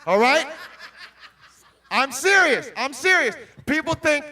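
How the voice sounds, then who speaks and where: A man with a very high, bright voice preaches to a young crowd as a Christian motivational speaker. He calls out questions and breaks into shouts, and he is picked up from well back from the mic. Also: sing-song, takes it slowly, long pauses, far from the mic. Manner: bursts into shouts.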